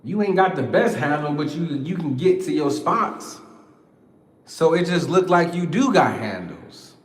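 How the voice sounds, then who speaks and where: A man in his thirties talking in a casual, profane monologue, animated and slangy, often laughing as he rants. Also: a little high, unhurried. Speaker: podcast host. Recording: echoey room with long reverb.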